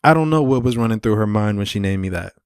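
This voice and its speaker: A man's voice: on the low side, animated, quick pace, clean tone, no echo, studio quality. A young man hosting a solo podcast, rambling casually with lots of swearing and filler. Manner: profane, rambling, laid-back. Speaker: podcast host.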